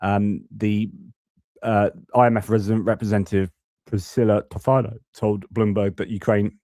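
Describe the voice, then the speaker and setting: A man's voice: lowish voice, flat delivery, moderate pace, dark tone, no room sound, clean studio sound. A man hosting a live-stream news commentary, talking casually and thinking aloud as he goes through footage and reports. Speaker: host.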